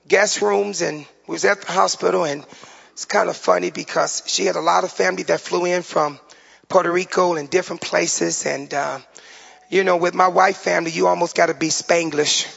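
Gravelly older man preaching in a hall. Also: high-pitched. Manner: preaching with emotional pauses, dropping soft on heavy moments. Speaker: pastor. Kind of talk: sermon. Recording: dull sound with long hall reverb.

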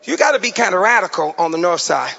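An older man, a pastor, preaching a sermon with emotional pauses and drops into a softer voice on heavy moments. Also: high-pitched, big pitch swings. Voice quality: gravelly. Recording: dull sound with long hall reverb.

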